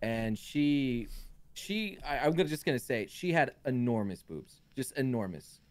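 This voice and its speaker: A man's voice: medium pitch, animated, unhurried, dry recording. A man on a voice call telling a story in a rambling, hesitant way. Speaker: guest in a group chat. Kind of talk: casual group chat.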